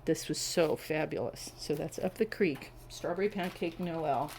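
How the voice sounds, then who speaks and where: A middle-aged woman talks casually to a camera on a tripod at home, her voice sitting a little low. She gushes over details with warm enthusiasm. A faint hum of room ambience lies under her voice. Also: measured pace, rough recording. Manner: chatty and enthusiastic, savoring scent descriptions. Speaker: wax melt reviewer. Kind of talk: casual product review vlog.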